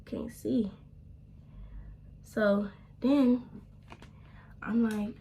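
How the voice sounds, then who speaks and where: Young woman, casual storytelling, doing makeup at home, chatty, drops to whispers, mid-pitched voice. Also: a little slow, pauses often, slight background noise. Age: young adult. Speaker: vlogger.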